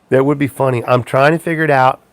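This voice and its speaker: A man hosting a casual livestream who rambles and chuckles, trailing off into ums and starting sentences over. His voice sits at an ordinary middle pitch and sounds dry and close to the mic. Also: dry recording. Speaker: live show host.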